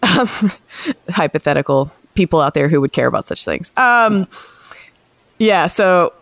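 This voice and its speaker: A woman's voice: low-pitched, expressive, unhurried, vocal fry, no echo. A woman hosting a sports podcast, chatting casually with many fillers and laughs. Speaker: podcast host, sports reporter.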